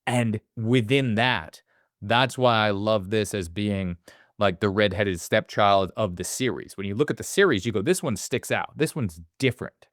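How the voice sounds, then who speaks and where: A man co-hosting a casual movie podcast, animated, swearing freely and acting out quotes in little voices. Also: fairly low pitch, normal speed, no echo, clean studio sound. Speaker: podcast co-host.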